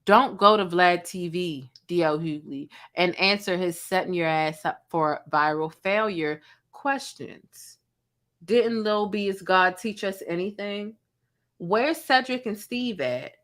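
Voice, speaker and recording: A woman's voice: lowish voice, slow, a bit bright. A woman blogger giving sassy, slangy commentary, breaking down a celebrity feud and mimicking the people she quotes. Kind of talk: commentary vlog.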